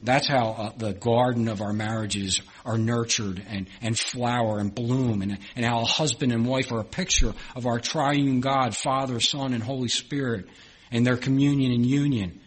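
Husky-voiced man preaching a sermon. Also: medium pitch, steady tone, moderate pace. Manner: earnest preaching, swelling louder on key phrases with repetition and restarts. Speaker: pastor.

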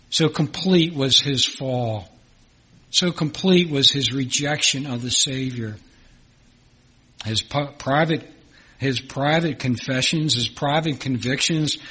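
A man's voice: fairly high pitch, a bit bright, slightly rough, low-quality recording. A man from Philadelphia with a Philadelphia accent, preaching a sermon in an earnest way and repeating phrases for emphasis. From Philadelphia, United States.

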